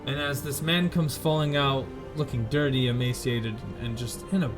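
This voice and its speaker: A man narrating a tabletop game as game master, painting each scene slowly with fillers and self-corrections. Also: mid-range voice, fairly even intonation, over music.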